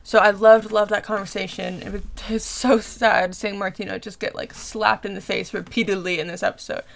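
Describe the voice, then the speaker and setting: A young woman in her twenties, hosting a reaction video and recapping and reviewing an episode in chatty, animated fashion with plenty of "like". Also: medium pitch, a little fast. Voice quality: gravelly vocal fry. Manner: chatty, animated, filler-heavy with frequent "like".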